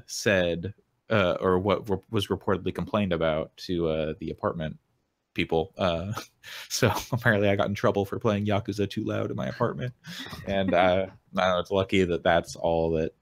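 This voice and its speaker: Deep-voiced man telling a relaxed story. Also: normal speed, dry recording. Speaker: podcast co-host. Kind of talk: casual chat, anecdote.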